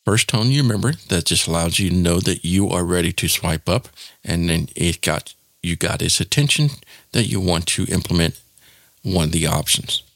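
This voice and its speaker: Deep-voiced man walking through phone settings. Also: moderate pace, vocal fry, fairly bright tone, no room sound, studio quality. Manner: explains step by step, informal and demonstrative. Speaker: tech tutorial host. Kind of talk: casual software walkthrough.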